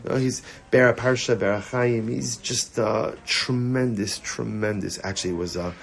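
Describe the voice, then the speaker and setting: A man, a rabbi, giving a Torah class to students, repeating his key lines and swinging between raised emphasis and quiet, low storytelling. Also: measured pace, creaky, husky. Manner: animated teaching, repeating key lines, rising for emphasis, dropping low for stories; sings short snatches of a melody.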